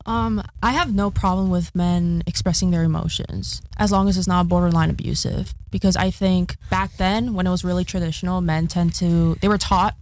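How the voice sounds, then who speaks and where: A woman's voice: fairly low pitch, fairly even intonation, moderate pace, few pauses, a little mellow. A woman speaking as a guest in a casual panel chat, giving her opinions thoughtfully with a lot of fillers.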